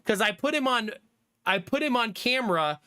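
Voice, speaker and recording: A livestreamer in his thirties chats casually with viewers, reading their messages aloud and laughing often. His bright, clear voice swings widely in pitch, and he's animated at a moderate pace.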